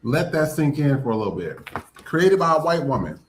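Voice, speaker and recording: A man's voice: on the high side, big pitch swings, a little fast, slight background noise. A man hosting a podcast, giving blunt, profane, emphatic commentary. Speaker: podcast host. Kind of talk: casual commentary.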